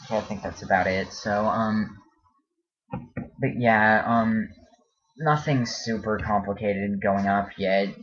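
A man talking casually in a home vlog, hesitant and halting, with many ums and restarts. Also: lowish voice, a bit bright. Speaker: vlogger. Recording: dull lo-fi home video.

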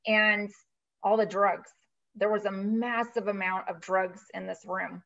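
A woman's voice: mid-range voice, measured pace, vocal fry, a crowd in the background. Talkative woman guest, storytelling, slightly dull lo-fi audio. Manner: chatty, animated storyteller, many "you know" fillers. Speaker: guest, virtual CFO. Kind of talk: casual storytelling interview.

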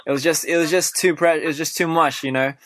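A man's voice: a little high, steady tone, fast talker, a bit bright, no echo. Chatty Australian man hosting radio. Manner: chatty, laughs often, many fillers. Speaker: radio host. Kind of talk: casual radio chat.

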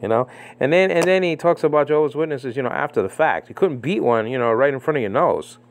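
A man giving casual spoken commentary on a religious debate, animated and mocking, with many fillers and repeated phrases. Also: medium pitch, fast talker, a little hiss or hum. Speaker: Bible commentator. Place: living in the Philippines.

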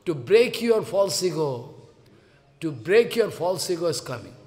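A man's voice: on the high side, very animated, measured pace, a little mellow. A man giving a devotional lecture, telling a story and acting out the dialogue of gods in raised voices. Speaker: spiritual teacher. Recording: long hall reverb.

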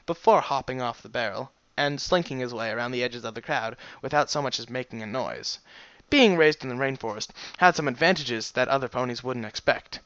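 A man casually reading a fan story aloud, animated, sometimes stumbling over words and chuckling at the text. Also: mid-range voice, a little fast, dry recording, muffled recording. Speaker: reader.

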